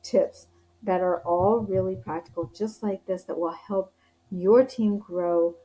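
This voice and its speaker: A woman's voice: mid-range voice, fairly even intonation, a little slow, mellow, rough recording. A woman, a leadership coach, talking as a guest in a casual interview, earnest and encouraging, with frequent fillers and restarts.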